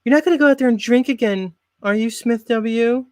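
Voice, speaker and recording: A man voicing a nagging suburban wife and mother in a high, sing-song scolding voice. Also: fairly quick, darkish tone, no echo, clean studio sound. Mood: coaxing.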